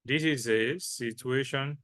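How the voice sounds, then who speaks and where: Male trading teacher, slow and deliberate, bright voice, asks and answers his own questions. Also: mid-range voice. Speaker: trading instructor. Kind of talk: lecture with repetition.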